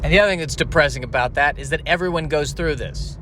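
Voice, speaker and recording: A comedian rambling wryly while he drives, his voice a touch high. He sounds exasperated and offhand, and a faint hum sits behind him. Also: fast, a bit bright. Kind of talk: casual comedic monologue. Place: in a car while driving.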